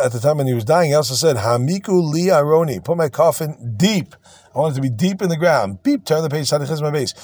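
A man's voice: mid-range voice, no echo. A man giving a text-study lecture, reading passages and explaining them in casual everyday words, acting out the dialogue with animation. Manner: animated retelling with acted-out dialogue. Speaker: teacher.

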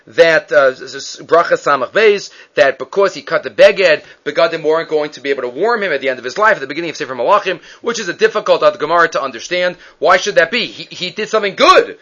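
Male teacher giving a Bible lesson, bright voice, lively retelling that plays out the speakers, muffled lo-fi recording. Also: fairly high pitch. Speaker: Torah teacher. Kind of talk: Bible class lecture. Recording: dull lo-fi recording.

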